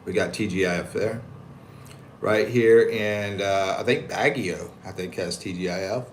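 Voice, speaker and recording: A low-pitched American man speaks a little slowly on a relaxed livestream, telling a jokey story full of slang with animation and reading chat comments aloud. The audio picks up a little hiss or hum, room echo, and faint background ambience.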